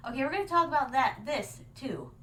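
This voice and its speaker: A woman's voice: high-pitched, big pitch swings, a little fast, a bit bright, slight background noise. A woman streamer reacting live in a theatrical, regal manner, calling her viewers "my darlings" and dropping Japanese fillers. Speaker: vtuber streamer.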